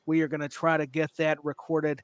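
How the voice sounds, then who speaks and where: A man's voice: fairly high pitch, monotone, fairly quick, no echo. Chatty self-mocking male podcast co-host. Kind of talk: casual chat.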